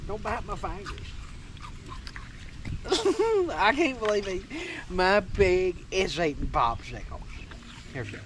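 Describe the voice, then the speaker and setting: A man vlogging outdoors, excitable and coaxing, laughing often as he feeds his pig. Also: sits high, slow pace, pauses often. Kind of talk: casual outdoor vlog chatter. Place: outdoors on a rural homestead. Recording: loud outdoor noise.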